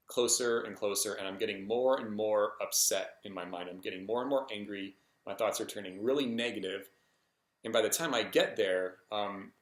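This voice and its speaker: A man's voice: mid-range voice, fairly bright tone. A man vlogging a personal story in a casual, hesitant way, full of ums and restarts. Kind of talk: rambling personal story to camera. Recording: echoey room.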